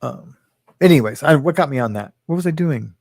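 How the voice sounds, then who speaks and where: A man's voice: a little high, lively intonation, fairly quick, gravelly, a little mellow, dry recording. Chatty man reading viewer comments. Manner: chatty, rambling, reads viewer comments aloud, laughs often. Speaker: host. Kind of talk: casual livestream chat. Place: home living room. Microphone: webcam or phone in his home.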